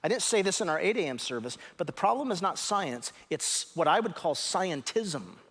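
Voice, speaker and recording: A man preaching a sermon as pastor, emphatic and animated, stressing words sharply and teaching his congregation. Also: high voice, moderate pace, breathy edge, long reverb tail. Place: church sanctuary.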